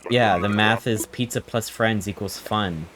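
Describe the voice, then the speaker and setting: A young man with a very deep voice hosts a live game stream, speaking a little slowly as he rambles, jokes with viewers, and reacts to chat. Game music is clearly audible behind him throughout.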